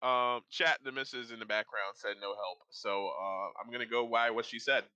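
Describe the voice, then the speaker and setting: A man narrating a tabletop game as game master in an animated, loose way. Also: medium pitch, normal speed, clear, resonant tone, no echo, poor audio.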